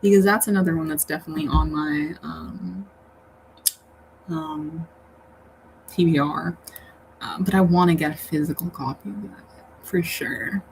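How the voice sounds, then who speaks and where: Slow-talking, chatty woman streamer. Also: low-pitched, steady tone, gravelly, a little mellow, low-quality recording. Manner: chatty, rambling, laughs often. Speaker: livestream host reading chat. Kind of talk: casual livestream chat. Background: faint fan hum.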